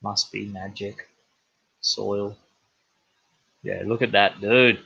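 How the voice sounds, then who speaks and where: A man's voice: on the low side, flat delivery, slow pace, gravelly, bright, forceful tone, slightly rough, dry recording. A young man, hosting a podcast and rambling casually with plenty of swearing. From New Zealand. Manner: rambling, profane, laid-back. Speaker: podcast host. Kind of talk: casual monologue. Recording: dull, lo-fi, dry sound.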